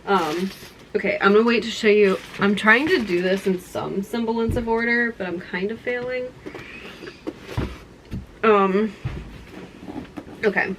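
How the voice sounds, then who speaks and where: Bright-voiced young woman gushing to camera. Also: mid-range voice, unhurried, long pauses, slight background noise, poor audio. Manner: gushing, excited and rambling. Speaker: vlogger. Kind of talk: casual chat to camera.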